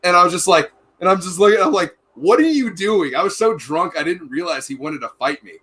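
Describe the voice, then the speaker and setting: A man's voice: a little high, fast talker, bright, forceful tone, breathy edge. A man in casual podcast chat, rambling through rowdy military anecdotes with lots of swearing and acted-out quotes. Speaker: podcast host.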